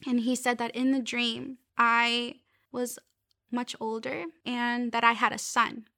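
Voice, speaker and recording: Young woman with a high, narrow-ranged voice, telling a faith testimony earnestly, with halting restarts. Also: level tone, creaky, sharp tone, dry recording, studio quality. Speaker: speaker sharing a faith testimony.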